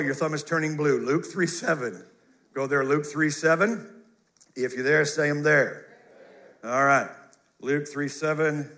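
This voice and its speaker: A male pastor preaches in church, quick with jokes and direct commands to his listeners. His voice sits high for a man and rings bright and forceful. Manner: animated, jokey, commands the congregation. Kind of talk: sermon.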